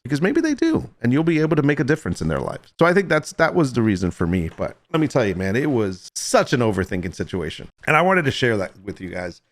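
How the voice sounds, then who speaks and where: A middle-aged man streaming, telling a story to his chat in a rambling way, full of restarts and "I'm like". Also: lowish voice. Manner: rambling, self-interrupting, lots of "I'm like".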